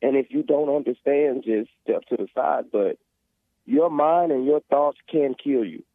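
A man's voice: medium pitch, a little slow, dry recording. A man calling in to a talk show, talking earnestly and preachily about faith and family, rambling with restarts. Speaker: caller. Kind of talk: emotional phone call to a talk show. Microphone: phone. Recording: tinny dry phone line.

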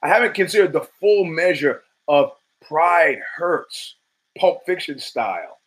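A man's voice: a little high, lively intonation, a little slow, a bit bright, low-quality recording. A man hosting his own podcast, talking in a casual, profane and rambling monologue with emphatic bursts. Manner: profane, rambling storytelling with frequent restarts. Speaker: podcast host.

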